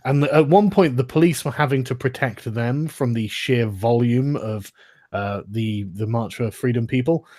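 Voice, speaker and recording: A man at a middle pitch chats as a guest, easygoing and agreeable. He laughs often and chimes in with quick agreement. His delivery is relaxed, and he tells short anecdotes. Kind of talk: casual chat.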